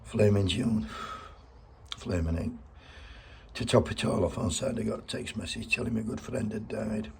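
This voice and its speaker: A man's voice: fairly low pitch, normal speed, gravelly, pauses often, noisy background. A middle-aged man giving a blunt, heartfelt spoken tribute and swearing freely.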